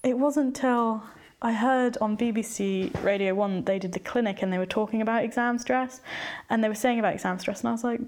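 A woman's voice: mid-range voice, a little fast, darkish tone. A young woman from England speaking candidly as an interview guest, retelling her experiences and acting out her past thoughts. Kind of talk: personal testimony in conversation.

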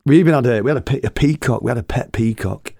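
A man's voice: mid-range voice, fast talker, creaky, warm tone, no echo. An older man with an Oldham accent tells funny family stories in a dry, wry and earthy way, acting out what people said. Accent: Oldham, Northern English. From Oldham, England. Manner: acts out quoted people in voices. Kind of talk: humorous storytelling.

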